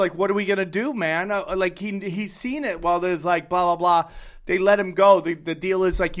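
A man co-hosting a casual chat, telling a rambling, profane story with lots of energy. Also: high-pitched.

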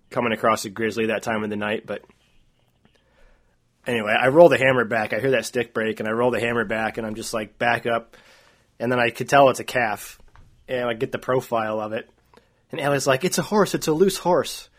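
A man co-hosting a podcast, telling a long story in a rambling, animated way, full of "like" and "uh". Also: mid-range voice, a little fast, long pauses. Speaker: podcast co-host. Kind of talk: casual storytelling.

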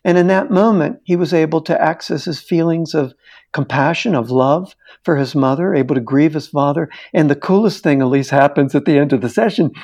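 A man's voice: a little high, a little fast, darkish tone. A middle-aged man, a therapist and interview guest, animatedly telling a case story and acting out the dialogue.

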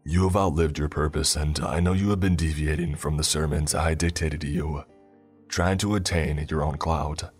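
A cruel, disembodied prophet, voiced by a man speaks in a cold, harsh, mocking tone with a garbled edge. The voice sits very low and heavy, with faint music beneath it in this spoken story. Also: steady tone, normal speed, breathy edge. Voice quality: garbled, distorted.

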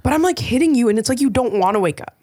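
A young woman telling a story on a casual podcast, her voice a little high and very expressive. She teases and acts out little exchanges. The recording is close and dry. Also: racing, dry recording. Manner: animated storytelling, teasing, acts out quotes. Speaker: podcast co-host. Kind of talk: casual chat.

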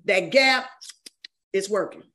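A woman's voice: mid-range voice, expressive, slow pace, bright, forceful tone. A woman co-hosting a talk show, gushing in casual chat and trailing off into fillers.

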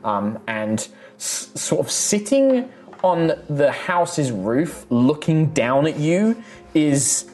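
A man's voice: on the high side, big pitch swings, slow, a little mellow. A man narrating a tabletop game as game master, casual and rambling, with lots of fillers.

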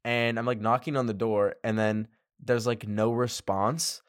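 A young man from Canada casually telling a personal story, animated, laughing often and swearing casually. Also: medium pitch, unhurried, no echo, studio quality. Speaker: vlogger.

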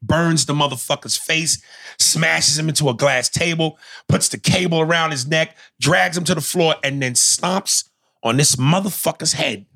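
A man in casual chat, animatedly recapping a TV show, with profanity and loud outbursts. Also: fairly high pitch, moderate pace, vocal fry.

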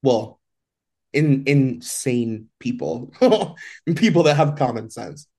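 A man co-hosting a podcast in casual chat, talking in an exasperated, animated way and swearing freely. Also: medium pitch, slow. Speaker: podcast co-host.

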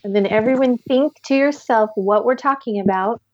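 A woman guiding a tapping session with calm step-by-step instructions, sighing deeply between phrases. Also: normal speed, lo-fi sound, crowd noise. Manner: calm step-by-step instructions, leading group repetition. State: deep audible sighs and yawns between phrases. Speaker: tapping practitioner. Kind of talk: guided tapping session with breathing.

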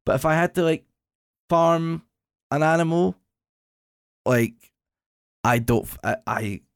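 A man's voice: on the high side, slow, vocal fry, clean tone, no room sound, studio quality. Drowsy rambling young man. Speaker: podcast co-host. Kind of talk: casual chat.

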